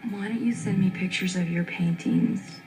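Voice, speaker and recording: Actress as a soft-spoken, coaxing woman on the phone, mellow, film clip with faint score. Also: on the low side, moderate pace, natural voice. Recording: film audio with faint music, from far off.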